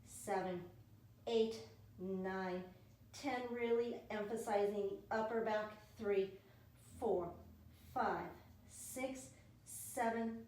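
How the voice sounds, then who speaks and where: A woman with a mid-range, slightly mellow voice leads a pilates class from her dining room, encouragingly counting reps and cueing breaths. The room is very echoey, the mic is distant, and there's faint noise.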